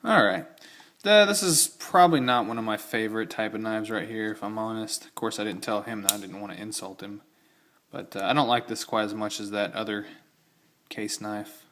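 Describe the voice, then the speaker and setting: With a lowish, fairly bright voice at a moderate pace, a young collector casually shows off his knives and keys in an old-fashioned style. He rambles along, catches and corrects himself, and chimes in with enthusiastic side notes.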